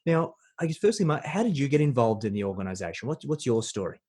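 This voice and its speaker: A man's voice: mid-range voice, very animated, fast talker, a little mellow, breathy edge. A man hosting a podcast, who reacts with short amazed interjections and asks his guest questions. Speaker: podcast host.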